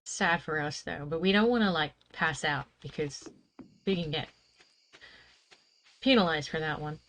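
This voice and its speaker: A woman's voice: low voice, a little slow, a bit bright, slight background noise, poor audio. A woman chatting wryly to herself while streaming a video game. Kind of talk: casual gameplay commentary.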